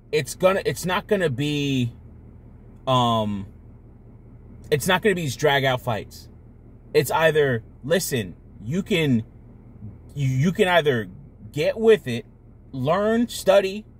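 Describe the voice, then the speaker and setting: A man's voice: a little high, a little hiss or hum. Blunt, rambling male vlogger. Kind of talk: casual monologue.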